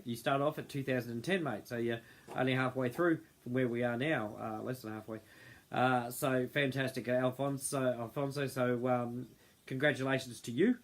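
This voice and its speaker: A man hosting an unscripted livestream, rambling and often losing his train of thought. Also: mid-range voice. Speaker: host of a group livestream. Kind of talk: unscripted casual livestream talk.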